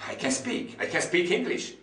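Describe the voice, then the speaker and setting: A man voicing an amazed, hushed language learner. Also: high voice, animated, normal speed, roomy sound, distant mic, pitched above the performer's own voice.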